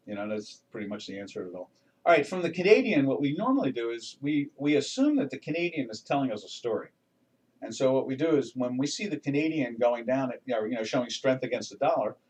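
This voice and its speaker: An older man hosts a live trading session, walking through his charts in a loose, folksy ramble full of restarts. His voice sits at a middling pitch and sounds a little distant from the microphone. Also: darkish tone. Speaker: trading webinar host. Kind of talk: casual live market commentary.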